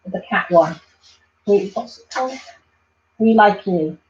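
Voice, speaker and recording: A woman's voice: medium pitch, lively intonation, takes it slowly, dull audio. A woman hosting a casual craft livestream, chatting and reading out viewer comments. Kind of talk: casual live chat while crafting.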